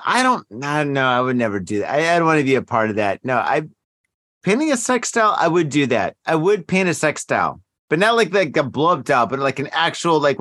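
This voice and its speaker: A man's voice: a little high, a bit bright, no room sound, studio quality. Brief: profane, rambling male podcast host. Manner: heavily profane, rambling and emphatic. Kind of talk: casual drinking podcast chat.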